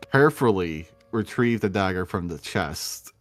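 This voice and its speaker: A man playing in a tabletop game, explaining his character's actions in a matter-of-fact way. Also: sits low. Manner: matter-of-fact, chuckles between lines. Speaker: player. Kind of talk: casual tabletop play.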